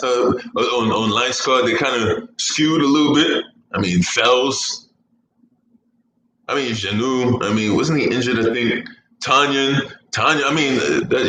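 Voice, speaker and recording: A man with a bright, forceful, mid-range voice hosts a rambling fantasy sports podcast, swearing freely and laughing at his own jokes. The recording has an echoey room, faint ambience, and a little hiss or hum.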